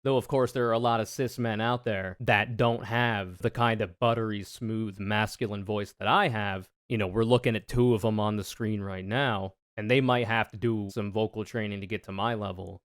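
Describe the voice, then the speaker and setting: A man streaming casual reaction commentary, sarcastic and profane, ranting with animated energy. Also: lowish voice, moderate pace, few pauses, no echo, studio quality. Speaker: streamer reacting to debate clips.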